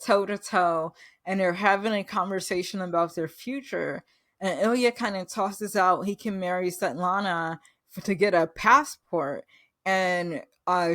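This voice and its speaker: A woman's voice: lowish voice, no room sound, studio quality. Gushing woman recapping a TV episode. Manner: gushing, enthusiastic retelling of scenes. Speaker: host recapping a TV series. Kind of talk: casual spoken recap.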